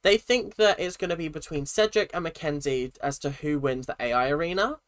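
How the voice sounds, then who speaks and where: A man giving a casual, opinionated recap of a reality show, talking in an animated, rambling way. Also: a little high, fairly quick, dry recording. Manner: chatty, animated, opinionated, with frequent restarts.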